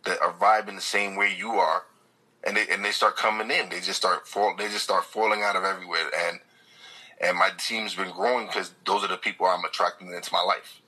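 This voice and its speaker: A man with a low, husky voice talks earnestly in a casual chat. His tone is bright and pressed, and he sits right up on a dynamic mic, often repeating words as he restarts. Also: steady tone, fairly quick, rough recording. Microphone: close dynamic mic.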